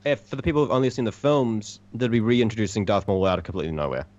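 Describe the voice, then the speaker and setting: A man's voice: on the low side, quick pace, a little mellow, highs cut off. A man in a casual podcast chat, playfully spinning goofy what-if ideas. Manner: playful, spins goofy hypotheticals. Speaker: podcast guest.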